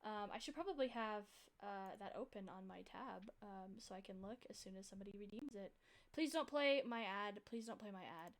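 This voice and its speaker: A woman's voice: mid-range voice, brisk. A young woman hosting a game stream, chatting casually and rambling with frequent restarts. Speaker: streamer and host.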